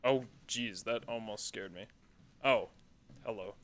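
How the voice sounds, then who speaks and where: A man's voice: fairly low pitch, measured pace. Profane, sarcastic male game streamer. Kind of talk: casual gameplay commentary.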